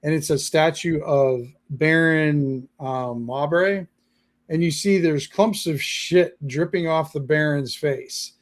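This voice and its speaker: A man narrating as game master in a halting, casual way, full of fillers. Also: on the high side. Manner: halting, lots of fillers and restarts.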